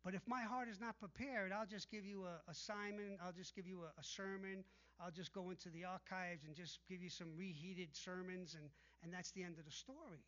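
A man's voice: sits high, steady tone, fairly quick, few pauses, sharp tone, dull audio. A male pastor preaching a sermon emphatically, calling out for amens from the congregation. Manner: emphatic preaching with call-and-response.

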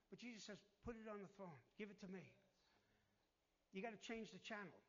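Pastor, male, high voice, emphatic preacher, muffled lo-fi church recording. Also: brisk, fairly bright tone. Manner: emphatic preaching, calls for amens, acts out worried voices. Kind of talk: sermon.

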